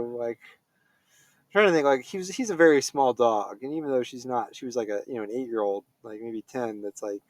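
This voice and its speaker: A man's voice: mid-range voice, no echo. Casual male film reviewer, rambling and unscripted, mid-range voice, dry sound. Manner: rambling, full of fillers and self-corrections.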